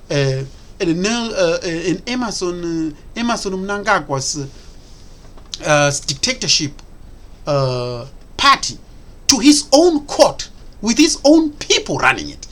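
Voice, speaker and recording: A solo commentator delivering heated political commentary. The pitch rises and falls a great deal while rhetorical questions pile up. Points are repeated for emphasis between hesitant fillers. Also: a bit bright.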